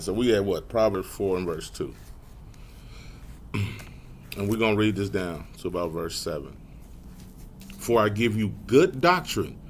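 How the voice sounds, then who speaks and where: A man teaching a Bible lesson in a casual way. He reads verses slowly and clearly, then comments in loose everyday speech full of "man" and "y'all". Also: fairly low pitch, a little hiss or hum.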